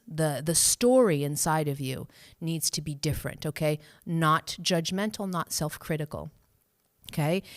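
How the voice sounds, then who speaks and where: A woman hosting a live stream as a spiritual coach, speaking gently and reassuringly, laughing often and acting out inner voices in a high cheery tone. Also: dry recording, studio quality. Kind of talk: live-stream guidance, answering viewer questions.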